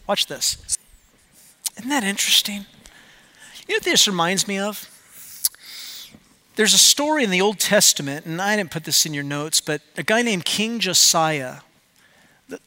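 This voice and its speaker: A man preaching with a high, bright voice. He is middle-aged, and he swings from loud, emphatic urging to soft, confiding storytelling. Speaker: pastor. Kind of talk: sermon.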